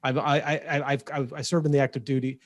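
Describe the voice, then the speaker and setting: A man co-hosting a podcast, talking in energetic, quick bursts with lots of restarts. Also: medium pitch, dry recording. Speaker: podcast co-host. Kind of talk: casual podcast chat.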